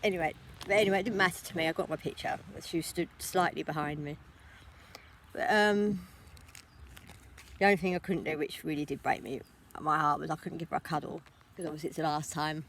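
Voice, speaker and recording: A woman's voice: low voice, steady tone, slight background noise. A tired young woman chatting in a rambling vlog, talking into her phone while walking outdoors. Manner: rambling, talks without pausing to think. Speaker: vlogger. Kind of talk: casual vlog chat.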